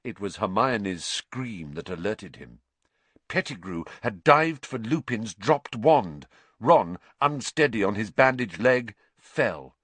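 Male audiobook narrator, lower voice, lively dramatic read, dry close mic. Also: slow pace, slightly rough, no room sound. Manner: expressive, rising with the action. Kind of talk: dramatic storybook reading.

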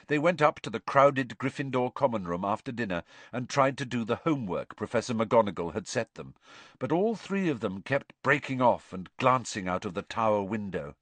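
A male narrator reads a novel aloud with expressive storytelling. His pitch rises and falls in a lively way. The recording is close and dry, with no room sound. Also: normal speed, no echo. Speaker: audiobook narrator. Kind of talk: scripted audiobook narration.

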